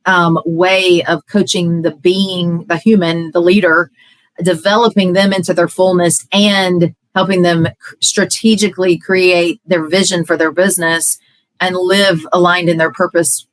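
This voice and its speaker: A woman's voice: on the low side, level tone, a little slow, no echo, rough recording. A woman coach in a podcast conversation, earnest and talking in long, flowing run-on sentences.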